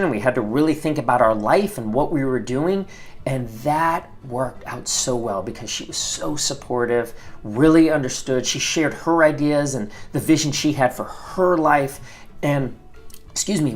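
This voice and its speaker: A middle-aged man, a former attorney, talking earnestly about leaving his career, with many repeated words and restarts. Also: medium pitch. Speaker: host, former attorney giving career advice. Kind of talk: casual advice talk.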